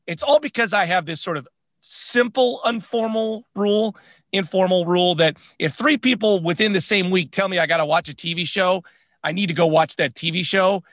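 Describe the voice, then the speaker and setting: A man co-hosting a podcast, talking candidly in a relaxed, chatty way. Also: high voice, brisk, no room sound. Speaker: podcast co-host. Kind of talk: casual chat.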